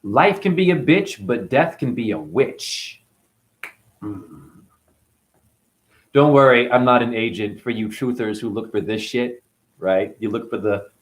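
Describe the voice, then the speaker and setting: A man hosting his own channel, delivering a combative, mocking, profane rant to camera. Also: medium pitch. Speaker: channel host. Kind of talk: profane ranting monologue to camera.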